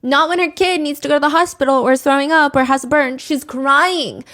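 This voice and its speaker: A woman's voice: high-pitched, steady tone, brisk, a bit bright, soft background music. A woman narrating a true crime story in a chatty, opinionated, casual storytime way. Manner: chatty, opinionated, acts out quotes.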